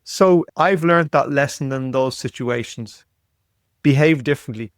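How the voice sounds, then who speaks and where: A man in his fifties, a podcast guest, telling a story in an animated way and often repeating words as he goes. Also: mid-range voice, measured pace, no echo, clean studio sound. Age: 50s. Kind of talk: storytelling in conversation.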